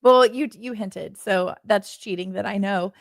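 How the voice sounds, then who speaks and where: A woman co-hosting a podcast in casual chat, chatty and quick to laugh. Her mid-range voice has a gravelly fry to it. The recording is dry and close. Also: medium pitch, no echo. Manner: chatty, laughs often, lots of fillers. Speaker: podcast co-host.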